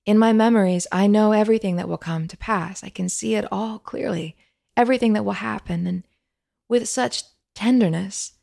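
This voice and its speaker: A woman's voice: on the low side, steady tone, moderate pace, creaky, a little mellow, no echo, studio quality. A woman voicing an earnest, respectful young woman seeker speaking to a spirit.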